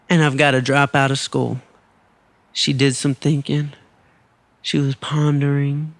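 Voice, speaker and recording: A male podcast host tells a personal story with lively energy, slipping into other people's voices as he goes. His voice sits somewhat high for a man. The recording is close and dry, with no room sound. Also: creaky, no echo. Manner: animated, acts out quoted voices. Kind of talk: storytelling monologue.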